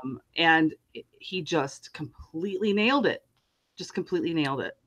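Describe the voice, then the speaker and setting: A woman's voice: low-pitched, lively intonation, normal speed, fairly bright tone. A woman co-hosting a podcast in casual chat, talking in an emphatic, enthusiastic way. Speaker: podcast co-host.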